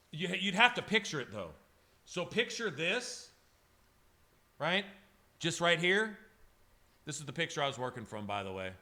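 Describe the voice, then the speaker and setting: A man's voice: a little high, sharp tone. Rambling, profane man chatting on a livestream. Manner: rambling, profane, emotional, talks to chat by name. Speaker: livestreaming airbrush artist. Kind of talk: casual livestream chat with viewers.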